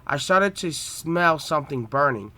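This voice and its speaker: A man's voice: a little high, animated, a little slow, bright, forceful tone. A man reading his own homemade story aloud, with plain delivery and small stumbles.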